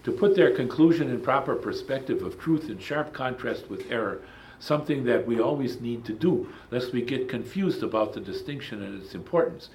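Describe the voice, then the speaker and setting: A man's voice: medium pitch, lively intonation, moderate pace, darkish tone, a little hiss or hum. A man teaching a Bible study lecture, emphatic and digressive, breaking off for asides and restarts.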